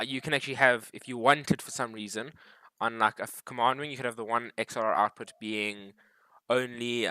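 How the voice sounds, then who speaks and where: A man's voice: mid-range voice, pushed and bright, dry recording, poor audio. A man hosting a livestream, casually explaining a lighting console setup in a rambling way with frequent restarts. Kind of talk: casual live tutorial chat. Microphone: desktop USB microphone.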